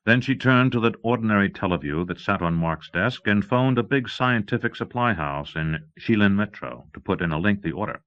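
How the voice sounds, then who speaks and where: A man reading a novel aloud in a steady, measured narration, on an old cassette recording. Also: fairly low pitch. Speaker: audiobook narrator. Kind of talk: scripted audiobook narration. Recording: dull lo-fi cassette audio.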